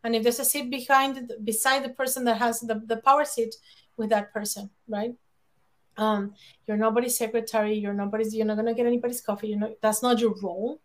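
A woman giving public speaking advice in an emphatic, animated way, often laughing and acting out quoted lines. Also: on the high side, brisk. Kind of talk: lively conversational advice.

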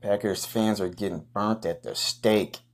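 A man hosting a comedy podcast, giving a crude, boastful hype monologue full of rowdy trash talk and loud whoops. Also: lowish voice, steady tone, measured pace.

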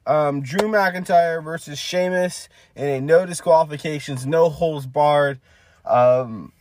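A man's voice: fairly high pitch, slow pace, a little mellow, no echo. A man co-hosting a podcast, giving a rambling, casual play-by-play recap with lots of filler. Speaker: podcast co-host.

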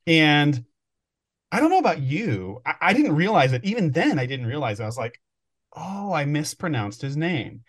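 A man's voice: a little high, very animated, fairly quick. A man co-hosting a podcast, telling stories in a rambling, thinking-aloud way during casual chat. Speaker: podcast co-host.

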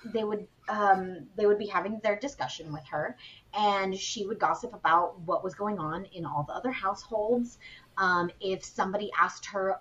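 A woman at a middling pitch tells a ghost story to her podcast co-hosts in an easy, chatty way. She sounds animated and drops in filler words as she goes. The audio is a little dull and muffled. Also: moderate pace. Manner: animated retelling of a spooky tale, chatty with fillers. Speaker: podcast co-host. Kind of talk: casual storytelling chat.

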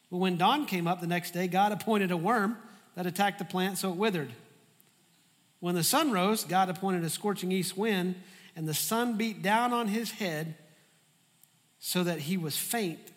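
High-voiced preacher in a hall. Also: male voice, normal speed. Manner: animated, humorous storytelling preacher. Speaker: pastor. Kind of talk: sermon.

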